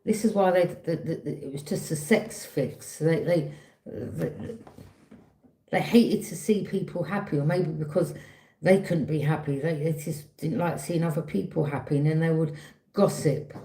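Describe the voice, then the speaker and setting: A woman giving a casual, chatty tarot reading, often checking in with a quick "yeah?". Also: low-pitched, dark tone. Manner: chatty, repeats herself, frequent "yeah?" check-ins. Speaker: tarot reader. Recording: roomy echo.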